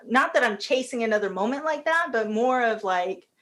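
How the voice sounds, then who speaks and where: A woman's voice: on the high side, expressive, moderate pace, a bit bright. A woman guest on a podcast talking casually, chatty and emotional, often laughing as she speaks. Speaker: podcast guest, company COO.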